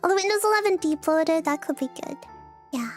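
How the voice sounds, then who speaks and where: A woman with a very high, squeaky voice chats casually with her viewers. She giggles a lot and plays up every mishap with mock drama and self-mockery. Soft music plays faintly underneath. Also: a little fast. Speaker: streamer.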